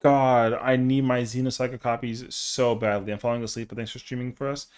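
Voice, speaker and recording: A man's voice: mid-range voice, little pitch movement, brisk, a little mellow, clean tone. A young man chatting casually on a live stream, rambling in slang with lots of fillers.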